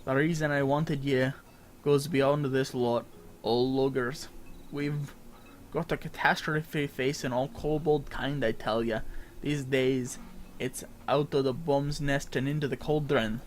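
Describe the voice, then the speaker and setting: A man reading game dialogue aloud as a blunt, rough-talking dockside woman, with loud, stumbling delivery. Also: medium pitch, fairly even intonation, a little slow, slight background noise, natural voice.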